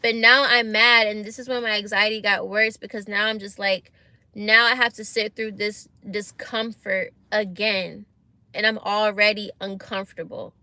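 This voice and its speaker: A young woman telling a story to her viewers in a casual vlog, animated and exasperated, using slang and talking straight to camera. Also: mid-range voice, normal speed, no echo. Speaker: vlogger.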